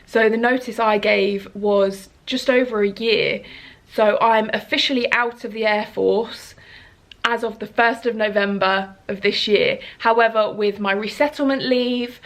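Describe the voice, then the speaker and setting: A woman, chatting earnestly to camera at home as a vlogger. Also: on the high side. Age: 30s. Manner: earnest, chatty, rambling with fillers. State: emotional, sniffling. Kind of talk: casual chat to camera.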